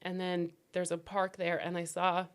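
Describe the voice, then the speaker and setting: A woman giving emotional personal testimony as a podcast guest, grief-stricken and near tears, speaking in halting, broken phrases that sometimes drop to a whisper. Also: lowish voice, completely flat delivery, clean tone. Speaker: podcast guest, bereaved mother.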